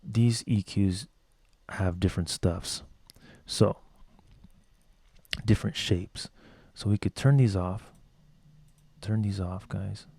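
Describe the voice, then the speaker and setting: A man with a low voice gives a loose, rambling mixing tutorial from his home studio. He swears casually as he talks through settings. The sound is dry and close, with no room echo. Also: gravelly, dark tone, slightly rough. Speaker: music producer teaching mixing.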